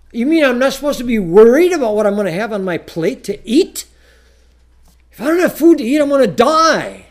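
A man preaching a sermon, rising to loud peaks and dropping low, quoting old-style scripture slowly and deliberately. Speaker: pastor.

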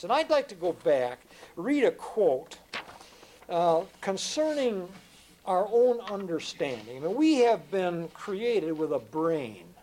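An older man preaching a sermon, earnest and emphatic, often repeating words and dropping from loud emphasis to hushed tones. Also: on the high side, poor audio.

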